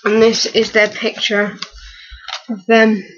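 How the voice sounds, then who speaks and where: A young woman in her early twenties, close to tears, talking haltingly with many fillers and restarts in a personal vlog. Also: a little high, completely flat delivery, lo-fi sound. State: on the verge of tears. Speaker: vlogger.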